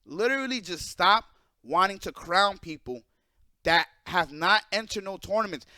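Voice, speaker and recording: A young man with a very high, bright voice rants to his viewers in a blunt, profane, animated way. The sound is dry and close, with no room echo. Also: normal speed. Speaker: esports player and streamer. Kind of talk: casual ranting monologue to viewers.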